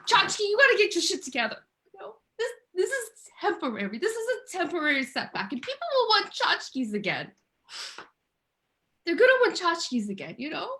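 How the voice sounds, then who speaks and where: A woman's voice: very high voice, pushed and bright, heavily acted. A woman playing a struggling tchotchke seller in a comedy bit, rambling and tearful.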